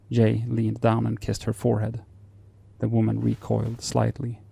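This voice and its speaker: A man narrating horror fiction in a slow, measured, solemn delivery. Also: on the low side, completely flat delivery, creaky, dark tone, breathy edge.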